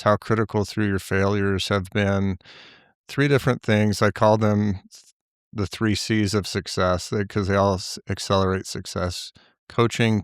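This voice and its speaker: A man hosting a podcast, asking his guest slow, deliberate questions. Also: lowish voice, clean tone, no echo, studio quality. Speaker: podcast host. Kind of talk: interview questions.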